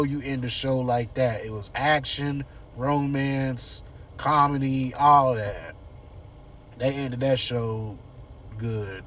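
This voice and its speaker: Heard through a distant microphone with faint hiss or hum, a mid-range male voice belongs to a TV episode reviewer. He gives a relaxed recap in slangy storytelling, performing the characters' dialogue as he goes.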